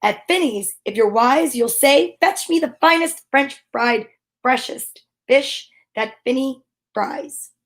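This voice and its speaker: Reading a rhyming children's book aloud as a comic bit, this woman has a high, bright, expressive voice and takes a slow pace. She sing-songs the verses, then drops into nervous, whispered side remarks between them.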